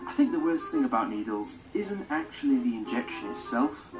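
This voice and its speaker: A man narrating his own animated story video in a wry, self-mocking way, played from a video. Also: mid-range voice, normal speed, poor audio. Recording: played from a video with music behind.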